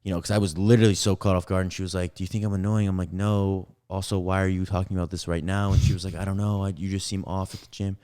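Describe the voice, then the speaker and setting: Telling a meandering story on a podcast, a young man brings it to life by performing everyone's lines. He has a deep, smooth voice and speaks fast with few pauses.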